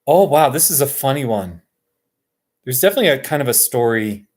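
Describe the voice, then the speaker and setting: An American man from Colorado chatting casually with his viewers on a live stream, excitable and chuckling often. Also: mid-range voice, a little fast. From Colorado, USA. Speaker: YouTuber hosting a live stream.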